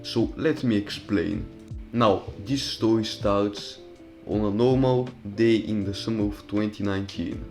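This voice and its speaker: A man's voice: fairly low pitch, a little slow, darkish tone, soft background music. A young man casually telling a personal story over gameplay, profane and rambling, with loose restarts. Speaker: storytime commentary YouTuber.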